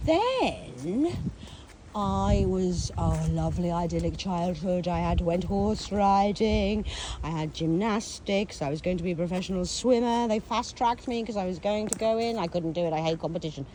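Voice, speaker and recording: A woman's voice: on the low side, lively intonation, normal speed, warm tone, slight background noise. A woman from England telling her own life story in a casual monologue, theatrical and sardonic, swearing, acting out voices and mocking herself. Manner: theatrical, swears, acts out voices, breaks into song; sardonic, self-mocking asides.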